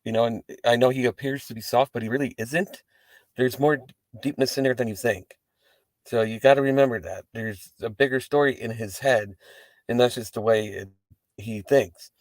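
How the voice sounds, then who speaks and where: A man's voice: mid-range voice, normal speed, no echo. A man hosting a wrestling post-show, talking casually and profanely to the camera from inside his parked car. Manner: rambling, profane, animated asides.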